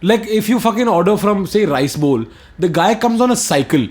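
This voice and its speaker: Lively joking Indian-accented man. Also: high-pitched, normal speed. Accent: Indian English. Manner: crude, joking, laughs a lot. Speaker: podcast co-host. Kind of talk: comedic casual banter.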